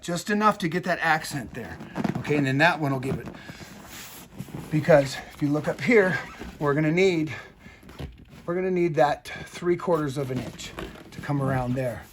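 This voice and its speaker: A man's voice: fairly high pitch, a bit bright, a little hiss or hum. A man teaching boat seat upholstery as a hands-on demonstration, talking the viewer through each step and checking in with "okay?". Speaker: upholstery instructor.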